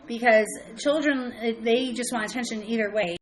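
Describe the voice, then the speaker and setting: A mother chatting casually on a live stream from home, rambling and halting with many restarts, breaking off to greet viewers by name. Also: on the high side, animated, a bit bright, rough recording. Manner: greets chat viewers by name mid-sentence. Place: at home with her young children nearby.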